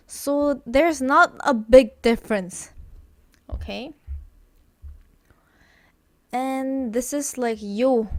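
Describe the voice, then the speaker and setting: A woman whose first language is Korean gives a very slow, deliberate pronunciation lesson in English. She stretches each example sound, repeats it over and over, and fills pauses with fillers. Her high voice sounds dry and close, with no room sound.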